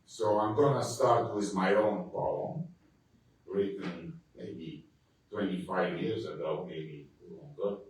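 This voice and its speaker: A man from Ukraine, a poet, reciting his poetry slowly and with emphasis at a club reading. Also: low voice, a little hiss or hum. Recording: echoey club from far off.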